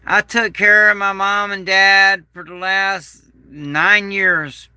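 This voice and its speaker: A man's voice: high-pitched, level tone, takes it slowly, bright, forceful tone, clean tone, no echo. A man vlogging a rambling personal monologue, aggrieved and bitter, repeating himself as he talks. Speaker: prepper vlogger.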